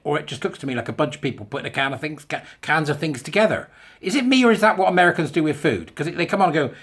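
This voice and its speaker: Husky, lively man rambling to camera. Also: a little high. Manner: chatty, self-mocking, playful. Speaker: online commentator. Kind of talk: casual video monologue. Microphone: camera mic.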